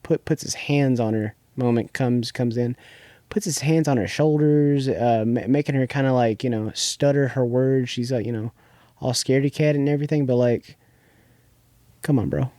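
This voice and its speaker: A man's voice: medium pitch, moderate pace, mellow, no room sound, clean studio sound. A young man co-hosting a podcast, casually recapping a TV episode in a rambling way, restarting often and leaning on filler words. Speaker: podcast co-host.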